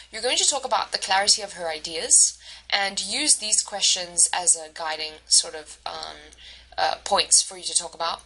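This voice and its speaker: A woman instructor explaining an assignment step by step, often pausing with ums and uhs. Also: medium pitch, sharp tone, low-quality recording. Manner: hesitant, many ums and uhs. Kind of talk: recorded lecture walkthrough.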